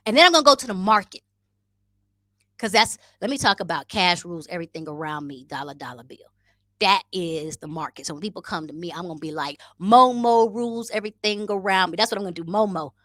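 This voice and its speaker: A woman's voice: on the low side, expressive, quick pace, a bit bright, dry recording, studio quality. A woman vlogging in a casual, playful way, talking to her viewers and trying out new words. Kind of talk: casual vlog chat. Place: living abroad in East Africa.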